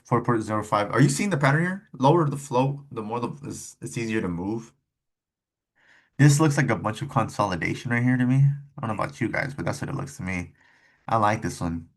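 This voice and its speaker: A young man giving casual, rambling commentary on stock charts, cussing and tossing in quick asides. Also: on the low side. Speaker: stock trading streamer.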